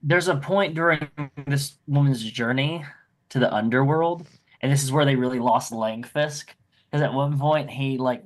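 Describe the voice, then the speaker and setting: A man's voice: medium pitch, moderate pace. Man telling a comic story at the game table. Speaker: player.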